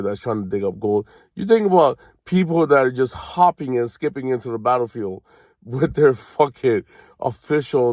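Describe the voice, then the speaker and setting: A man's voice: medium pitch, a little mellow, no room sound, studio quality. A young man from Canada, ranting casually in a profane, rambling and sarcastic way. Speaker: vlogger.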